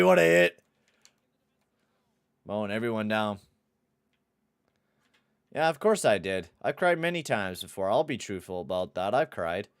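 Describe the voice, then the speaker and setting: A young man streaming a hockey video game, chatting with viewers and shouting and swearing at the game. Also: medium pitch, smooth, dry recording, clean studio sound. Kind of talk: live gameplay commentary and chat.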